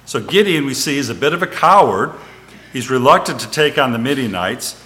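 A man's voice: mid-range voice, expressive, fairly quick, sharp tone. A man giving an informal Bible teaching, reading scripture and retelling it in everyday words, with frequent fillers and restarts. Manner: reads scripture aloud, then retells it in plain everyday words.

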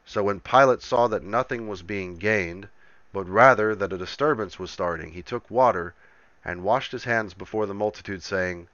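Male scripture reader, solemn and measured, lowish bright voice, dry, slightly dull recording. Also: no echo.

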